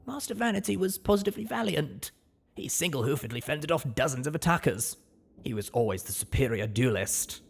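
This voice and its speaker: Male reader doing a high, altered-voice ghoul maid; timid, prim, apologetic in the audiobook. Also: animated, brisk, creaky, husky, heavily acted. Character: timid, proper ghoul pegasus maid, female. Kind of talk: audiobook reading.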